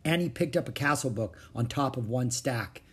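A man reading a children's chapter book aloud with expressive, varied intonation. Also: medium pitch, normal speed, slightly rough. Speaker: audiobook narrator.

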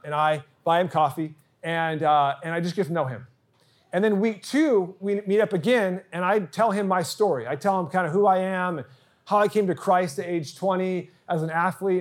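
A middle-aged man pastor telling a personal story in a sermon, earnest and acting out the quoted dialogue. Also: high voice.

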